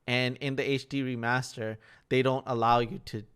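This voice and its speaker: A man's voice: mid-range voice, little pitch movement, moderate pace, a bit bright, smooth. A young man co-hosting a podcast, telling stories in a rambling, casual way full of fillers. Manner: rambling, filler-heavy storytelling. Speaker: podcast co-host. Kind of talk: casual chat.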